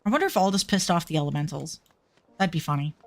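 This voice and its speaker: A woman's voice: low-pitched, lively intonation, fast talker. Wry, swearing woman gamer. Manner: reads quest dialogue aloud, swears casually, wry asides. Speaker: gaming streamer. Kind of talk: casual let's-play commentary.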